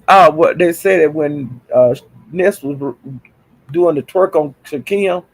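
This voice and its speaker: Male livestream host, raspy and gravelly, dramatic and exasperated gossip tone. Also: on the high side, a little slow, rough recording. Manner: exasperated, dramatic, sighs and exclamations.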